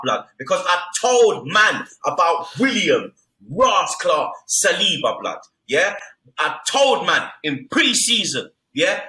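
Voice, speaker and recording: A man's voice: high-pitched, big pitch swings, slow pace. A young man in heated football banter, swearing hard and tagging nearly every phrase with street slang. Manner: loud, swearing, repeats street slang tags. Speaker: football podcast co-host. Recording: echoey room.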